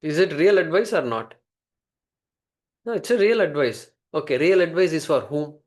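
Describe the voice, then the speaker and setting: A man's voice: fairly high pitch, animated, moderate pace, darkish tone. A man giving a classroom lecture on a Sanskrit text, explaining word by word and posing rhetorical questions. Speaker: scripture teacher.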